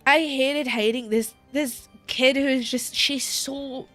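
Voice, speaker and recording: A young woman with a British accent, speaking a little high, chats openly on a live stream. Her throat is sore, and she is near tears, with laughs slipping in between sentences. Faint game music plays softly behind her. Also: fairly even intonation, takes it slowly. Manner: emotional, tearful and candid, laughing between sentences. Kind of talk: casual live-stream chat.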